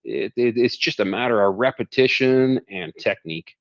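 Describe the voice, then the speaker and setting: A man's voice: mid-range voice, normal speed, gravelly, no room sound. A man in a casual live audio chat, tripping over his first words before running on animatedly. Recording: dull lo-fi call audio.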